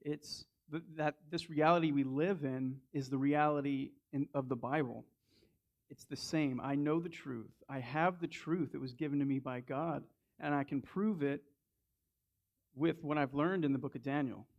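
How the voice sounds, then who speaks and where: A Southern man preaching in a loose, conversational way, doubling back on his words as he speaks. His voice sits a touch high for a man. The recording is dull and muffled. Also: moderate pace, gravelly. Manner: conversational, with frequent restarts and repeated words. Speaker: lay preacher. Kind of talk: sermon with a personal story.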